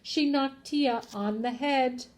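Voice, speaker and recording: A woman's voice: high-pitched, takes it slowly. A woman teacher reading a children's picture book aloud, acting out the characters and asking her listeners questions. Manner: expressive, acts out voices, asks listeners questions. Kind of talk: children's storybook read-aloud.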